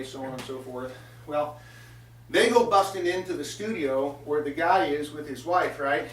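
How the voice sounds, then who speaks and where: A man's voice: a little high, a bit bright, slight background noise. Rambling, sarcastic comedy show host, a man. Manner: meandering storyteller, many filler pauses, sarcastic asides. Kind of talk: rambling comic monologue. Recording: echoey room, voice from a distance.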